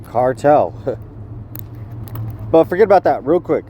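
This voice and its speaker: Profane high-voiced man ranting outdoors. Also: moderate pace, darkish tone, a little hiss or hum. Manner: profane, repetitive, restarts often. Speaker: vlogger. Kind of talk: rambling rant.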